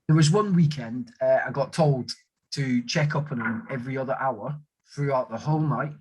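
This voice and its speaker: Husky ex-army guy, rambling on casually, doing little voices for the people he quotes. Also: medium pitch, moderate pace, a little mellow, low-quality recording. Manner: rambling storyteller who acts out quoted voices. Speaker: army veteran guest. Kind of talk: casual conversation.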